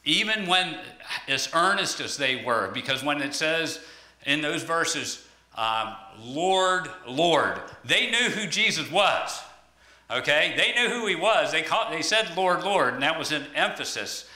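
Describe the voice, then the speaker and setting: A man's voice: fairly high pitch, animated, a little slow, bright, forceful tone. A man giving a conversational sermon, searching for words with frequent ums and restarts. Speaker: lay preacher. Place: church hall. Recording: echoey room.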